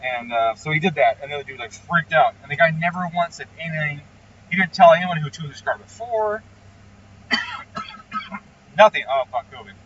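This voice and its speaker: A man's voice: on the high side, wildly swooping pitch, moderate pace, long pauses, a bit bright, far from the mic, lo-fi sound, slight background noise. A man who tunes engines talks casually and bluntly, swearing freely as he rants and explains his work. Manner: profane, ranting, blunt. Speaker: engine tuner. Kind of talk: casual explanatory vlog talk.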